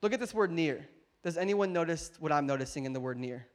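High-voiced animated male pastor. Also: fast. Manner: animated, joking, shifts between loud and hushed. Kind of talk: sermon. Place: church hall with congregation.

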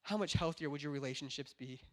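A young adult man preaching a sermon in church, talking in an earnest way and at times rising into passionate shouting. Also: a little high, fast. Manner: builds from quiet earnest talk to passionate shouting. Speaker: pastor.

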